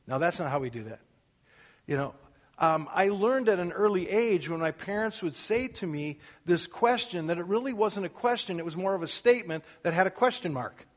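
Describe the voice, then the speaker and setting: Middle-aged male pastor, slightly high pitch, conversational sermon delivery that rises for scripture, recorded in a reverberant sanctuary. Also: lively intonation, normal speed, long pauses. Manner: conversational, rising to emphatic scripture reading. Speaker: preacher. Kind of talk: casual sermon. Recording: long reverb of a hall.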